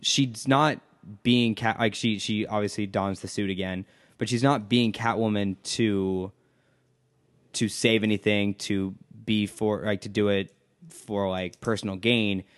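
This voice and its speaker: A man co-hosting a podcast, chatting casually about an animated series, swearing freely and often restarting his thoughts. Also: lowish voice, a little slow. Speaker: podcast co-host. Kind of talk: casual chat.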